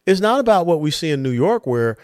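A man's voice: fairly high pitch, very animated, brisk, a little mellow, no echo. Guy on his political podcast, punchy and emphatic, asks himself questions, dry sound. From lives in Texas. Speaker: podcast host. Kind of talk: political commentary monologue.

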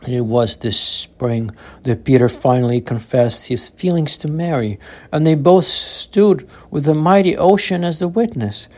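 A man reading his own novel aloud in a slow, measured, solemn audiobook narration. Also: on the high side, lively intonation.

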